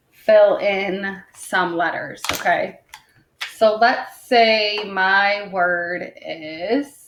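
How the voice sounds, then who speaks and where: Slow, patient woman teaching phonics. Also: medium pitch, a bit bright. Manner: patient, checks in with "okay?" after most points; sounds words out slowly, tapping syllables. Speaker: second grade teacher. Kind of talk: recorded phonics lesson for young children. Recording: roomy echo.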